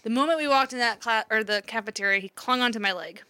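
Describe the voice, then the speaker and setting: A woman's voice: a little high, quick pace, bright, forceful tone, clean tone. A woman in her thirties, a mother, candidly telling a story in casual chat, swearing now and then and laughing along the way.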